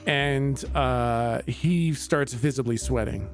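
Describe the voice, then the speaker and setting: A man's voice: mid-range voice, takes it slowly, faint music behind. A man narrating as game master in a casual tabletop game recording.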